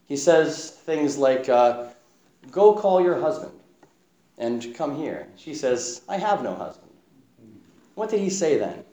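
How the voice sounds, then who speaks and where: A man preaching a sermon, reading scripture aloud and acting out short quotes in a gentle, reflective way. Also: medium pitch. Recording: echoey room.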